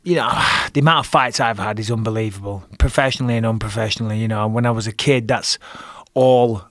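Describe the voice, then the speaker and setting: A man's voice: fairly low pitch, fast, fairly bright tone, no room sound, clean studio sound. A middle-aged man from England with an English accent, telling a fight story in casual talk, swearing and acting out his own lines. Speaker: guest, retired fighter.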